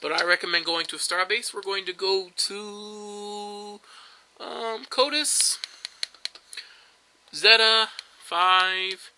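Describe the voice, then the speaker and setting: Young guy talking over his game, kinda high and really bright, rambly with lots of ums. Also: fairly even intonation, slow pace, long pauses, slight background noise, low-quality recording. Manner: rambling, chatty, with frequent fillers and restarts. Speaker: gameplay commentator. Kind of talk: casual let's-play commentary.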